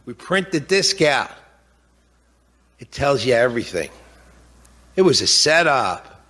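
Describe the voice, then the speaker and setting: A man's voice: mid-range voice, very animated, slow, pushed and bright. Indignant middle-aged father speaking out. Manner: indignant, blunt, with repeated rhetorical questions. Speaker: grieving father of a fallen soldier. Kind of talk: impassioned public testimony.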